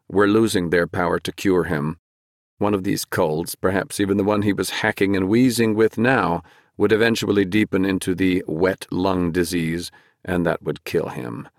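Deep-voiced male audiobook narrator. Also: no echo, clean studio sound. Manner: measured, dramatic storytelling, slowing for emphasis. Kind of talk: scripted fantasy narration.

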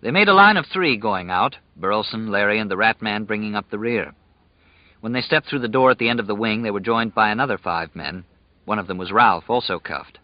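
A man reading an audiobook as narrator in a measured, even storytelling manner. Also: on the low side, no echo, muffled recording. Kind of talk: scripted narration.

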